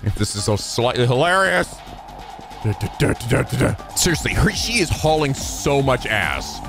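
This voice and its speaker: A gravelly-voiced man reacts loudly and jokingly as he plays a game, cursing and shouting. His pitch swings a lot, and faint game music runs underneath. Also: normal speed. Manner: excitable, shouty, profane jokes. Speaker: let's play host. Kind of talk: gaming commentary.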